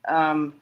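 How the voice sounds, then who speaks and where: A man's voice: fairly high pitch, rough recording. A man giving a casual solo recap, rambling along with frequent restarts and fillers. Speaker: wrestling fan recapping storylines.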